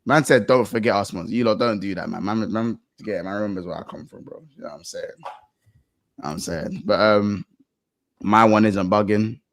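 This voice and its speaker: A man's voice: fairly low pitch, normal speed, dry recording, clean studio sound. A young man from London with a London accent, hosting a football podcast in loose, slangy banter full of restarts. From England. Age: young adult. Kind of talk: casual chat.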